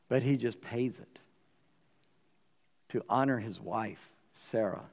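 A man with a Southern US accent preaching a sermon, animated and acting out the dialogue in voices. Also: mid-range voice, takes it slowly, long pauses, in a large hall. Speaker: pastor.

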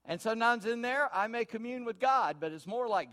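A high-voiced man preaching from the pulpit. He tells homespun stories in a folksy way and swings between hushed asides and loud, emphatic points. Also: expressive, fairly quick. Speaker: pastor. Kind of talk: sermon.

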